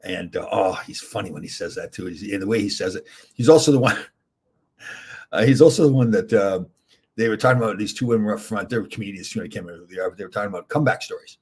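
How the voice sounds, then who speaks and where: A middle-aged man talks loosely and at length, drifting between stories and viewer questions from his chat. His voice sits low and a little husky. The delivery is off-the-cuff and conversational. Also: quick pace, darkish tone. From Canada. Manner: rambling, chatty, reads viewer comments aloud. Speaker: livestream host answering chat. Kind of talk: casual chat.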